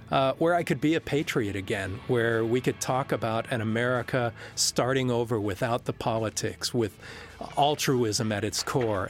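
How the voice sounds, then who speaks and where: Relaxed man on a commentary track. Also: on the low side. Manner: relaxed, with pauses and fillers. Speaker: film director. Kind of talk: film commentary.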